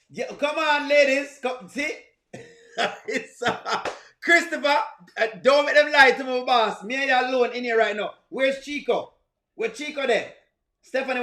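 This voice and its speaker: A man's voice: very high-pitched, bright, forceful tone. Man, Jamaican accent, livestream host, teasing, greets chat, roomy echo. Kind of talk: live reaction chat. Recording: echoey room.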